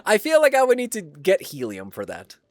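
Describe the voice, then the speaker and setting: A man's voice: high voice, wildly swooping pitch, a little fast, dry recording. A man streaming a game who chats to viewers, laughs often and swears casually. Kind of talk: casual live-stream gameplay chat.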